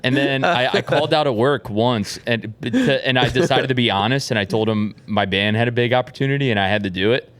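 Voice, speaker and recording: A man's voice: medium pitch, fairly quick, few pauses, a bit bright. A man on a podcast telling an amused work anecdote in casual chat. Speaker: podcast guest.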